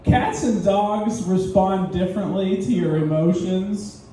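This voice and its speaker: A young man with a high, warm voice does an open-mic stand-up set at a measured pace, rambling and poking fun at himself with giggly asides. Recorded indoors at a small comedy venue, the sound is echoey with a distant mic and faint noise.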